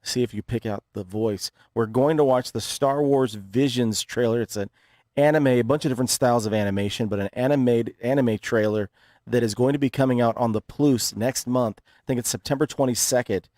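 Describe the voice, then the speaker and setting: A man's voice: mid-range voice, fairly quick, a little mellow, dry recording, clean studio sound. A man hosting a casual talk show, easygoing, steering the talk to the next topic. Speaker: show host. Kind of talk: casual chat. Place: radio studio.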